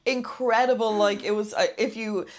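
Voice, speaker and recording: A woman hosts a relaxed chat podcast. She asks questions in a rambling, informal way. She backs her guest up with frequent, encouraging interjections. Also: mid-range voice, normal speed. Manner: chatty, encouraging, lots of affirming interjections. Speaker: podcast host.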